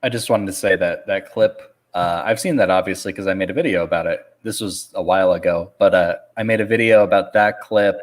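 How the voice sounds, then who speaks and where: A man's voice: deep voice, brisk, few pauses. A man speaking as a guest in a casual political chat. He sounds laid-back and easygoing, laughing often between his remarks.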